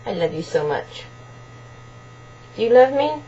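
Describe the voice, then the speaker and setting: A woman's voice: on the high side, sing-song, measured pace, lo-fi sound. A woman at home making a video of her pet parrot, talking to it in affectionate, cooing baby-talk. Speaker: pet owner. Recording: loud hum and buzzing noise behind.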